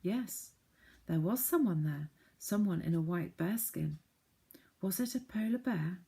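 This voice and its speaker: Low-voiced woman reading a children's story. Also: animated, slow pace, creaky, warm tone, husky. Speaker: audiobook narrator.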